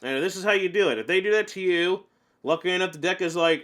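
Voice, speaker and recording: A man with a bright, forceful voice pitched a bit high gives casual commentary over an online card game. He rants in an animated way and laughs a lot as he plays. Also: fast. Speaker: gameplay commentator.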